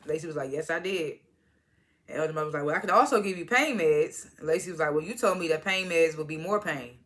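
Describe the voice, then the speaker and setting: Chatty woman recapping a show, bright tone. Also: sits low, fast. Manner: retells scenes by quoting characters with "was like"; chatty, laughs at the scenes. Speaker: TV show reviewer. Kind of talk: casual episode recap.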